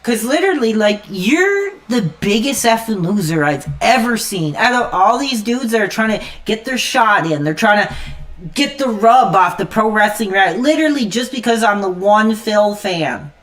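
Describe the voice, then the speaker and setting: A man streaming an angry, profane rant, swinging between loud outbursts and low muttered asides. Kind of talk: angry ranting monologue.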